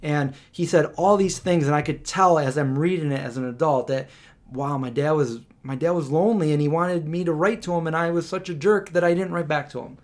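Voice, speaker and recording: A man hosting a live question-and-answer stream, telling a family story in an animated, conversational way with frequent restarts and fillers. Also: fairly quick. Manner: animated storyteller, acts out quotes with raised pitch.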